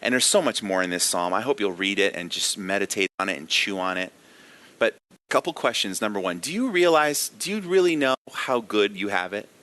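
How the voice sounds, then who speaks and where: A man's voice: fairly low pitch, animated, fairly quick, bright, forceful tone. A man giving a daily devotional sermon as a pastor, earnest and emphatic, putting direct questions to his listeners.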